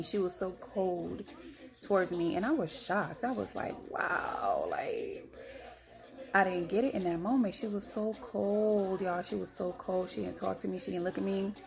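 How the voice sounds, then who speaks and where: Gravelly-voiced woman telling her story bluntly. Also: on the low side. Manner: animated, blunt, swears freely, acts out others' lines. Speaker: storyteller recounting her own experience. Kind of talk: candid personal storytelling to camera.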